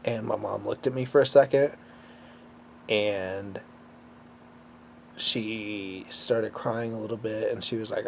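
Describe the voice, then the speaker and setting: A man telling a personal story to camera, emotional and halting, close to tears, with many fillers. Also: lowish voice, steady tone, gravelly, a little hiss or hum. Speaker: vlogger.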